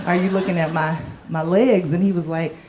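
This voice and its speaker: A woman's voice: lowish voice, steady tone, fairly quick, background noise. A woman performing a stand-up comedy set. She is playful and self-mocking, and she acts out the voices of the people in her stories.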